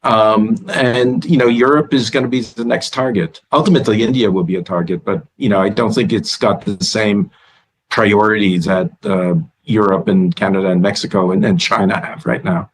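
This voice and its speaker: A man who is a guest analyst in a remote interview, thoughtful and halting with repeated starts. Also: fairly low pitch, fairly even intonation, rough recording.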